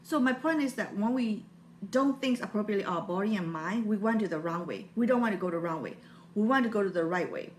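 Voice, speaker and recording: Burmese accent woman in her 40s, heartfelt motivational vlog, mid pitch, faint noise behind. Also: lively intonation, quick pace. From Burma. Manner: earnest, heartfelt, non-native phrasing. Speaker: motivational vlogger. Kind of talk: personal motivational talk.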